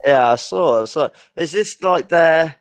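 A man's voice: on the high side, a little slow, dry recording. A man in a crude casual chat, making dry ironic remarks.

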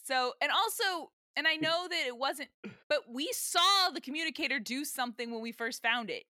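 Woman, podcast co-host, bright tone, lively pitch swings, dry close sound. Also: moderate pace, no echo. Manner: animated, exasperated, swears casually. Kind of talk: casual rewatch podcast chat.

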